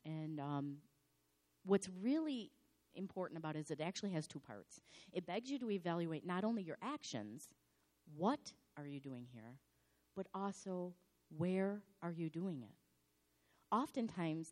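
A slightly hoarse woman pastor giving a sermon in a dramatic, animated storytelling manner. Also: low-pitched.

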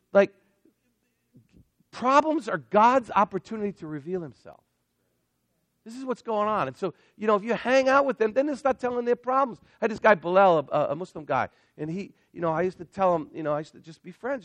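A male pastor preaching a sermon in an animated way, swinging between loud emphatic lines and hushed asides. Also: sits high, a little fast, no echo.

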